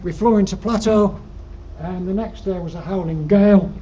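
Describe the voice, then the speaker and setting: A high-pitched, dark-toned older man with a Yorkshire accent speaks at normal speed, giving a rambling, dryly humorous slide-show talk with plenty of ums. He's the guest speaker at an alpine club, addressing a lecture room. The recording is dull and lo-fi, with faint noise.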